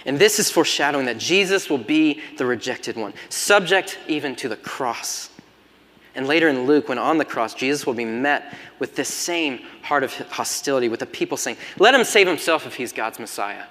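A man preaching a sermon as pastor, moving between loud emphatic passages and hushed, almost whispered lines. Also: mid-range voice, normal speed. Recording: long hall reverb.

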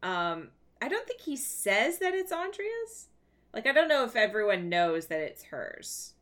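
Bright, lively woman recapping episodes. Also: fairly high pitch. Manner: chatty, recounting scenes with quick laughs. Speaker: podcast co-host. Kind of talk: casual TV recap chat.

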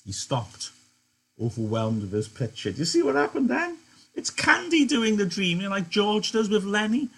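A man's voice: high-pitched, very animated, normal speed, fairly bright tone, slightly rough. A man teaching a live online lesson, chatty and digressive, often interrupting himself. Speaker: English teacher. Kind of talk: live online lesson, reading a novel aloud.

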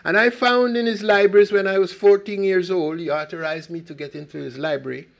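An older man from Costa Rica telling his life story in an animated, emphatic way with frequent restarts. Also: high-pitched, a little fast, vocal fry. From Limón province, Costa Rica. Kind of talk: personal storytelling talk.

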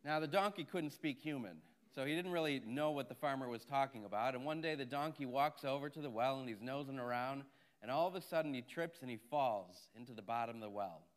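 A man's voice: medium pitch, a little fast. A man, a Catholic priest, giving a sermon in a conversational, storytelling way, with frequent asides to the listeners.

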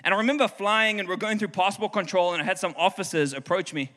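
A man in his thirties from South Africa, preaching a sermon with animated storytelling, acting out voices and bursting into shouts. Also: high voice, quick pace. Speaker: pastor. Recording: hall reverb with music behind.

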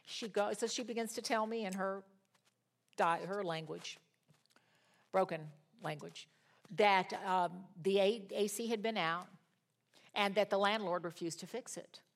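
A woman in her sixties leading a Bible study, telling stories in an animated way that swings between loud exclamations and quiet asides, and talking straight to her audience. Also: mid-range voice, unhurried, pauses often. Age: 60s. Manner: chatty, addresses the audience directly. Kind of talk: storytelling Bible study teaching.

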